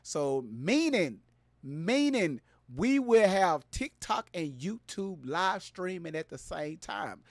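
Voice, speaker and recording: A man hosting a casual live stream, loud and playful, hyping up his viewers and greeting them by name. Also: fairly high pitch, dry recording.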